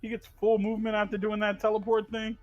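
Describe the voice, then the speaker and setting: A man's voice: high voice, monotone, fast talker, no echo, muffled recording, soft background music. A man playing a tabletop game, brash and swearing a lot. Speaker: player. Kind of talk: casual tabletop play.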